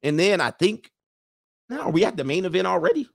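Reacting to a clip on his commentary show, a male host with a high, vocal-fry-tinged voice makes his points emphatically and repeats them to hammer them home. He's very animated and brisk, and the studio-quality recording has no room sound.

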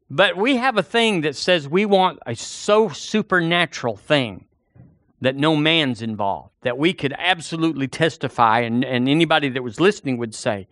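A man preaching, telling homely stories and slipping into the voices of his characters. His voice sits a little high for a man. The sound is dry and close, with no room echo. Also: expressive, moderate pace, sharp tone. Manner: folksy storytelling preacher, acts out voices. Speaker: pastor. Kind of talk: sermon.

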